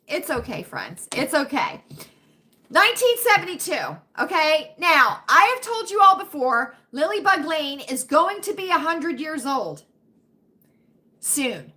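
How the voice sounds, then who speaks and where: A woman hosting a casual livestream chat with her viewers, who keeps asking "right?" and now and then drops into a hushed whisper. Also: sits high, sing-song, unhurried. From United States. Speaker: livestream host.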